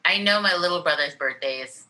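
A woman's voice: fairly low pitch, fairly quick, noisy background. A woman chatting casually in an easygoing way, laughing at herself. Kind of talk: casual chat.

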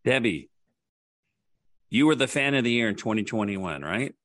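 A man's voice: medium pitch, animated, normal speed, a bit bright. A man co-hosting a sports podcast, asking the guest easygoing questions. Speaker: podcast co-host.

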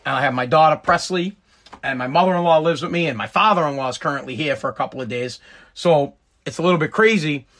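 A man's voice: on the high side, quick pace, a bit bright. A man in his thirties hosting his own podcast, ranting in a profane, exasperated and rambling way. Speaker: podcast host. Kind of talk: solo podcast rant.

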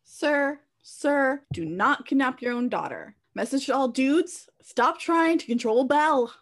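A woman co-hosting a podcast, chatting about a show in an animated way. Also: high-pitched, unhurried. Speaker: podcast co-host. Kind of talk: casual chat.

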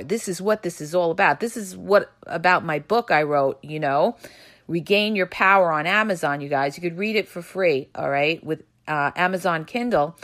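A woman's voice: on the low side, moderate pace, a bit bright. A woman hosting a solo relationship advice podcast, talking directly to listeners and often checking in with "okay?". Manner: direct, coaching tone with frequent "okay?" check-ins. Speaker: podcast host.

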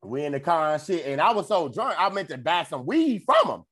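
Profane, animated man telling a story. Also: fairly high pitch, a little fast, slightly rough. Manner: loose, profane, animated storytelling with quoted voices. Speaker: podcast co-host. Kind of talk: casual storytelling chat.

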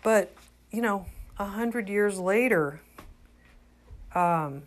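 Slow-talking older woman, earnest and halting. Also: mid-range voice. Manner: earnest, halting, with many restarts. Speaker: religious commentator. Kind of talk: unscripted religious talk.

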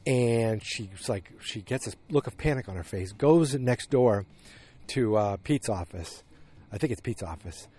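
A man's voice: lowish voice, animated, a little slow, warm tone, breathy edge. A man hosting a podcast, retelling a TV episode in a casual, meandering way with many restarts and fillers. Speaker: podcast host recapping a TV episode. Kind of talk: casual recap monologue.

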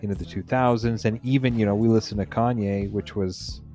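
Man, podcast host, fairly low voice, excitable, self-interrupting, faint music in the background. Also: fairly quick. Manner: animated, self-interrupting, bursts of exclamation. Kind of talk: casual album discussion.

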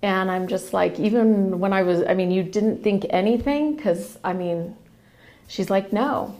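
A woman's voice: mid-range voice, unhurried, a little mellow. A woman, a podcast guest, recounting a family story casually and acting out the quoted dialogue as she goes.

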